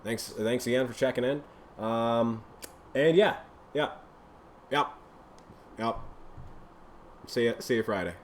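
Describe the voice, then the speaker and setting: A man's voice: medium pitch, takes it slowly, pauses often, slight background noise. A man hosting a podcast, signing off in a loose, rambling way with casual swearing. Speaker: podcast host. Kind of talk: casual show sign-off.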